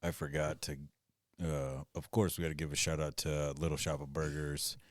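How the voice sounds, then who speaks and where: A man's voice: a bass voice, level tone, normal speed, dry recording, clean studio sound. A man co-hosting a casual podcast, laid-back and cursing casually. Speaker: podcast co-host.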